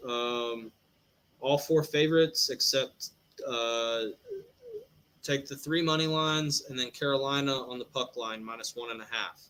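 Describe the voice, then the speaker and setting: A man's voice: mid-range voice, measured pace, fairly bright tone, clean tone, poor audio. Rambling male sports podcast host. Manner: rambling, filler-heavy, thinks aloud. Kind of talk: casual sports betting talk.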